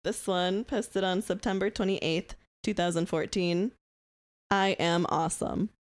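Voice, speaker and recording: A woman's voice: lowish voice, fairly even intonation, unhurried. Woman co-host reading captions aloud. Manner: giggly, breaks into laughter. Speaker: podcast co-host.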